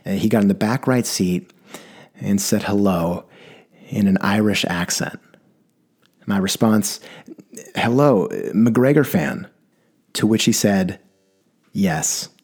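A man's voice: on the low side, steady tone, measured pace, long pauses, slightly rough. A man telling a wry personal story about a passenger, with a dry delivery. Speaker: rideshare driver telling a story.

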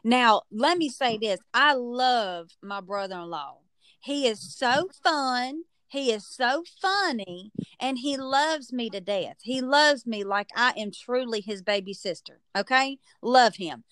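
A woman hosting a podcast, telling a story in a chatty, animated way and stretching words for emphasis. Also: fairly high pitch, slow pace, clean tone, dry recording. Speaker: podcast host. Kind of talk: casual storytelling chat.

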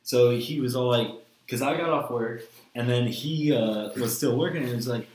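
A man's voice: medium pitch, normal speed, darkish tone, roomy sound, a little hiss or hum. A young man hosting a podcast, telling a long story in casual chat, swearing often and wandering between tangents. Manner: profane, rambling storytelling. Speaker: podcast host.

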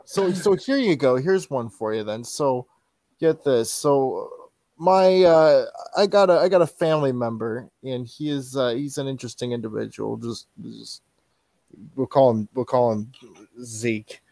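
A man co-hosts a podcast with casual, dry wisecracks. His voice is mid-pitched and recorded dead dry, with no room sound at all. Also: measured pace, creaky, warm tone, no room sound. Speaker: podcast co-host. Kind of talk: casual chat.

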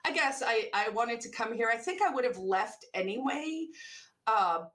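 A young adult woman from South Africa speaks with an American accent as an interview guest. Her voice sits a little high, and she talks in a loose, chatty way, laughing often and acting out the voices of people she quotes. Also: lively intonation, normal speed, a bit bright. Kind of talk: casual interview chat.

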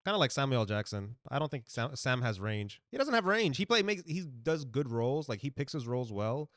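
A man co-hosting a casual podcast, with a voice of ordinary pitch. He talks bluntly and swears freely, jumping between loud bursts and mumbled asides. The sound is dry and close. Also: sing-song, brisk, no room sound. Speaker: podcast co-host. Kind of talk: casual chat.

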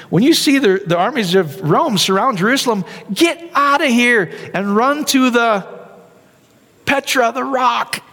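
A man preaching a sermon, animated, often tossing rhetorical questions to the crowd. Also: very high-pitched, normal speed. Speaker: pastor. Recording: long hall reverb.

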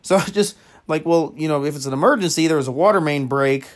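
A man's voice: fairly high pitch, fast talker. A man hosting a comedy podcast, telling a crude story casually, with lots of fillers and frequent laughter. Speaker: podcast host.

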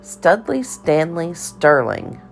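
A woman's voice: lowish voice, sing-song, slow, soft background music, voice pushed up, heavily acted. A woman voicing an eccentric older cafeteria lady who speaks in riddles and scolds in a theatrical sing-song. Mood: bossy.

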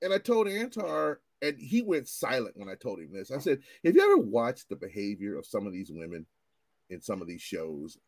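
A man ranting in casual commentary, animated and profane, often repeating himself as he restarts his sentences. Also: on the low side, moderate pace, dry recording.

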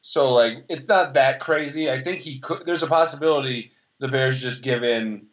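A young man co-hosting a podcast, talking sports in a steady, reasoned way and steering the conversation along. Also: mid-range voice, moderate pace. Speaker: podcast co-host. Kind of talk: casual sports chat. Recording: slightly dull lo-fi sound.

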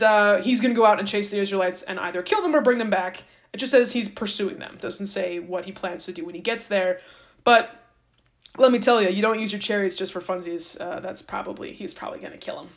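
A woman's voice: mid-range voice, fairly quick. A woman hosting a podcast, retelling a Bible story in a casual, joking way with slangy asides. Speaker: podcast host.

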